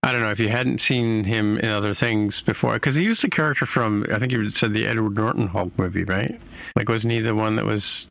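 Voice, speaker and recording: Gravelly male co-host, dry sound. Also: fairly low pitch, a little fast, fairly bright tone, dry recording, low-quality recording. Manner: brief, questioning interjections. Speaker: podcast co-host. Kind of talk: casual chat.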